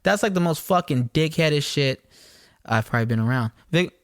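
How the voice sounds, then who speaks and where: A man's voice: fairly high pitch, normal speed, no room sound, studio quality. A young man, co-hosting a podcast and telling casual stories with lots of swearing. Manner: swearing, animated storyteller. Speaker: podcast co-host. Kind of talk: casual storytelling chat.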